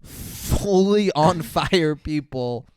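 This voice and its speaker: Podcast co-host, male, lively pitch, dry close sound, profane storyteller who acts out scenes. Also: extremely slow, clean tone, dry recording. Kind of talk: casual movie review chat.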